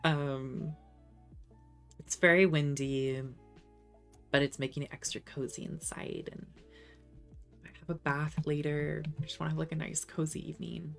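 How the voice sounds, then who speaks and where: A woman's voice: low voice, creaky, a bit bright. A woman streamer in casual chat, reading viewer comments aloud, laughing often and trying out rusty French.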